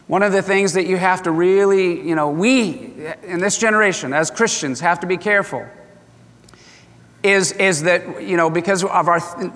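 A man's voice: sits high, fairly bright tone. A man preaching a sermon with passion, now and then acting out the voices of the people he quotes. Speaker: pastor. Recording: reverberant hall.

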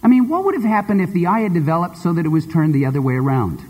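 A male preacher giving a sermon and telling a story in an expressive, conversational way. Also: fairly high pitch, very fast, breathy edge. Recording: long hall reverb.

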